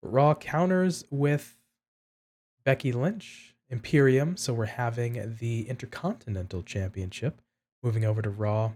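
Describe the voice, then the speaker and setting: A man with a mid-range voice talks through a casual podcast chat. He speaks in a measured way and thinks aloud as he goes. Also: medium pitch, a little mellow. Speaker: podcast co-host.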